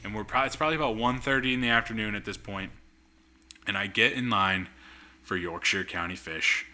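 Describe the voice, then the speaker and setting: Animated man telling a story, bright voice. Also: fairly low pitch, brisk. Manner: animated storyteller acting out quotes. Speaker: podcast guest. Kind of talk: casual chat.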